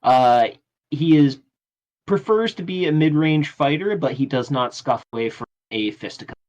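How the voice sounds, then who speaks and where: A man running a tabletop game as game master, narrating casually and often pausing on fillers. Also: on the high side, animated, darkish tone, rough recording. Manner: casual, halting, many fillers.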